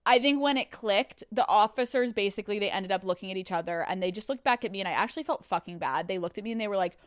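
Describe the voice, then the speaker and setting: Profane, animated woman podcast host. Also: on the high side, quick pace, hardly any pauses, no echo, studio quality. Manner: animated, profane storytelling with frequent laughs. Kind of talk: solo podcast storytelling. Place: studio.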